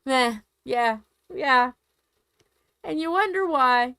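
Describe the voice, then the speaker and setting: A woman's voice: a little high, expressive, measured pace, a bit bright, clear, resonant tone, no room sound. A woman chatting casually on a home live stream, rambling and joking and swearing freely.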